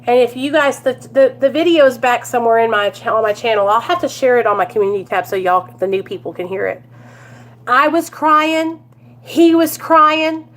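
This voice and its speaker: A woman's voice: a little high, fast talker, few pauses. A woman chatting at home to her viewers, telling a story and calling them you guys and y'all. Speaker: recovery vlogger.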